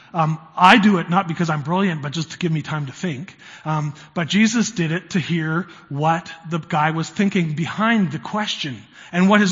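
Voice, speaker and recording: Man preaching a sermon, fairly high voice, conversational with emphatic swells, long church reverb. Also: fairly bright tone. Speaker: pastor. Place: church sanctuary. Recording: reverberant, muffled church hall sound.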